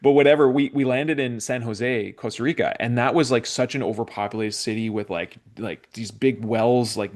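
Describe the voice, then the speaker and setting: A man from Canada hosts a relaxed podcast chat, his voice sitting at an ordinary middle pitch. He rambles through his stories, full of likes, ums and false starts. The delivery is easygoing and conversational. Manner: rambling, many fillers and restarts. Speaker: podcast host. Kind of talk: casual conversational interview.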